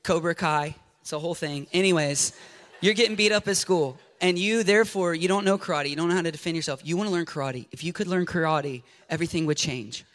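Animated, bright-voiced male preacher. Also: on the high side, fast talker. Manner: animated, jokey, acts out scenes with a volunteer. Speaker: pastor. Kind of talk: lively sermon with audience interaction. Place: church sanctuary before a congregation.

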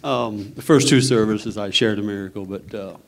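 A man with a low voice tells his testimony to a church congregation. He speaks softly and hesitantly, pausing often as he finds his way. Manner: hesitant, soft-spoken. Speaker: church member giving testimony. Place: church sanctuary.

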